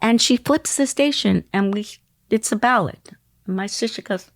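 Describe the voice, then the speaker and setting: A woman in her sixties, a podcast guest telling a long story in an animated way, acting out the voices of the people in it. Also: a little high, a little slow, vocal fry, dry recording, clean studio sound. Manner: animated, acts out quoted voices.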